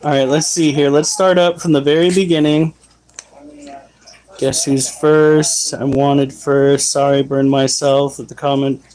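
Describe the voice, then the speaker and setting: A man hosting a casual pet livestream, loudly scolding his dogs and reading chat comments aloud. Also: medium pitch, flat delivery, measured pace, poor audio.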